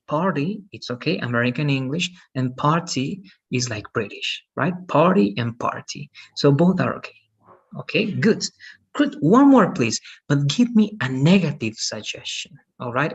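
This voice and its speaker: A man's voice: fairly high pitch, husky, dull audio. A man teaching English in an online lesson, patient and repeating "okay" and "right" often, heard over a video call.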